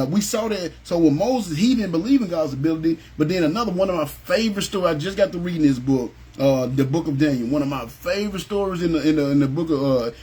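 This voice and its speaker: A man's voice: a little high, darkish tone, slightly rough. A middle-aged man leading a Bible study over a phone, speaking conversationally and often asking "you know what I'm saying?". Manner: acts out biblical figures with a raised voice. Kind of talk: informal livestream Bible study sermon.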